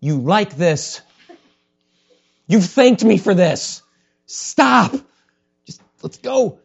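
A pushy, teasing God figure who keeps demanding more, as a preacher puts him on. The voice runs high and lively, and the recording sounds dull and lo-fi. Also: male voice, extremely slow, vocal fry, slightly rough, heavily acted. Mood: impatient. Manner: pushy, teasing, higher-pitched. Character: God, impatient, insistent, asking for more.

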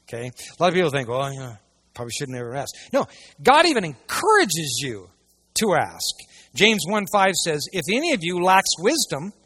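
A man preaching a sermon to a church audience, swinging between hushed asides and loud, emphatic passages. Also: on the high side, huge pitch swings, moderate pace, slightly rough. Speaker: pastor.

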